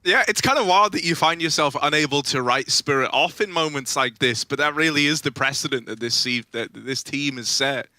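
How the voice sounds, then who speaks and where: A male esports caster with a high, very bright and sharp voice. He calls the action theatrically, with big exclamations and jokes traded with his partner. The sound is dry and close. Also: brisk, few pauses, no echo. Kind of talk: excitable color commentary.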